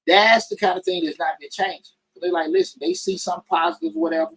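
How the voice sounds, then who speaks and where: A man hosting a casual call-in podcast, talking in bursts with frequent restarts and emphatic upward pitch jumps. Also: very animated, fast talker, vocal fry, fairly bright tone, no room sound, low-quality recording. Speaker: podcast host.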